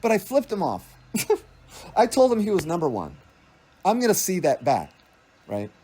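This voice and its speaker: A man's voice: high-pitched, huge pitch swings, unhurried, mellow, slightly rough. A man giving a rambling spiritual monologue, meandering and restarting his thoughts, often laughing. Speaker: spiritual speaker.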